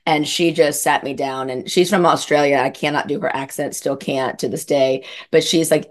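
A woman coach, a guest on an interview show, telling her story in an animated way with many restarts. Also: low-pitched, moderate pace, hardly any pauses. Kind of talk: casual interview chat.

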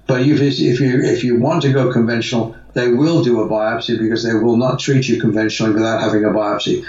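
A man's voice: mid-range voice, a little fast, a little mellow, recorded from a distance. A man, a guest, giving long conversational answers in a rambling way, with restarts and fillers, in a roomy, dull-sounding recording made away from the mic. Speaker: guest, natural health advocate.

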